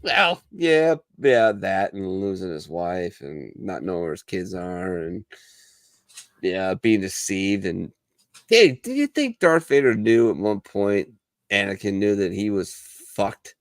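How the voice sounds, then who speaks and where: A man with a gravelly, fairly low voice hosts a casual veterans' chat, swearing freely and acting out the people in his stories. The recording is dry and close. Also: sing-song, a little slow, dry recording. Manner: profane, storytelling, acts out quoted voices. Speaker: podcast host.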